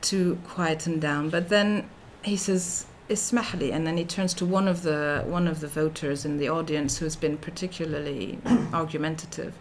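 A woman's voice: low voice, steady tone, moderate pace, few pauses, slight background noise. A middle-aged woman giving an academic lecture as a researcher, speaking thoughtfully with frequent fillers and restarts.

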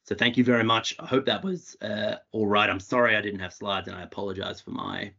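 A man with an Australian accent giving a quick, wry, plain-spoken talk to an audience on a video call. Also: lowish voice, steady tone, creaky, bright, forceful tone, slightly rough. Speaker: conference speaker. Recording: dull lo-fi call audio.

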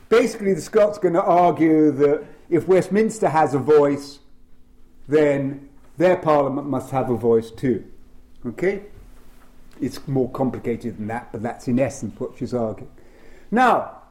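A man speaking on constitutional law at a panel, emphatic and lively, with frequent fillers. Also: fairly high pitch. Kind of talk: lecture-style panel talk.

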